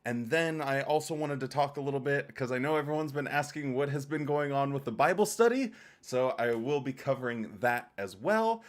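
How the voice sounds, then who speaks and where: Man, livestream host, casual rambling chat, jokey, mid-pitched voice. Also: moderate pace, few pauses. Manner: greets chat viewers by name, rambling and jokey.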